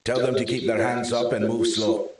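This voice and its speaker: A man's voice: mid-range voice, fairly even intonation, moderate pace, close to an everyday voice. A man voicing a polite but stiff soldier holding a stranger at gunpoint, in a storybook reading. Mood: stiff duty. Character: stiff, dutiful male soldier with authority. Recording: very echoey room.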